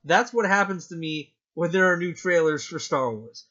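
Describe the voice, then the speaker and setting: A man co-hosting a podcast in casual chat, excitable and gushing, acting out his own reactions. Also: a little high, moderate pace, muffled recording. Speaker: podcast co-host.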